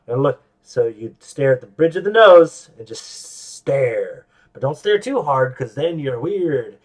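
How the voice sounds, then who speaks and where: A man at a middle pitch hosts his own show, talking alone in a loose, rambling flow. He mocks himself as he goes, often restarting his sentences. He breaks into animated quoted voices along the way. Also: measured pace. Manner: rambling, self-deprecating, with frequent restarts. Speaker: podcast host. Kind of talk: casual solo monologue.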